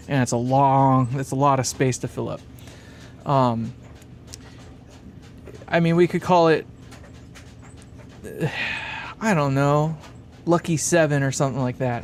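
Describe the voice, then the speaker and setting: Brief: fairly high-voiced man, live-stream host who rambles and chuckles, faint hum behind. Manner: rambling, thinking aloud, chuckling often. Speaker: live-stream host building a guitar amp. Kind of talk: casual live-stream chat, reading comments. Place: workshop bench.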